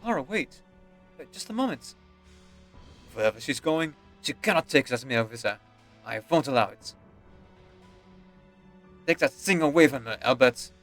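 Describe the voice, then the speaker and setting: A man's voice: medium pitch, animated, normal speed, pauses often, a bit bright, faint music behind. A man voicing a haughty, scornful aristocratic father. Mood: stern. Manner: cold, contemptuous, scolding.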